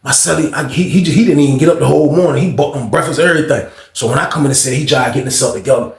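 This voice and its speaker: A man's voice: mid-range voice, rapid-fire, gravelly, reverberant. A man telling a story in a casual, slangy way, acting out the people he quotes. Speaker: storyteller, channel host.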